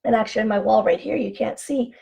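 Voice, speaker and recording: A woman hosting a casual motivational vlog from home, chatty and animated as she tells anecdotes. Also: on the high side, quick pace, creaky, slightly rough. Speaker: online show host.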